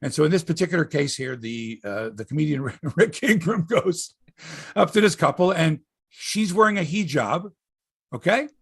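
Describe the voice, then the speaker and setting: A man's voice: on the high side, animated, moderate pace, breathy edge, dry recording, studio quality. A man hosting a sports podcast, telling rambling, profane stories in casual chat.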